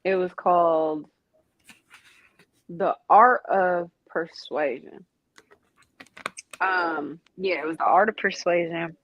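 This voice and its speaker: A woman's voice: fairly low pitch, fairly even intonation, slow pace, pauses often, no room sound. Emphatic woman host, slightly muffled. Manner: emphatic, agreeable, slangy. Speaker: podcast host. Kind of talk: casual conversation.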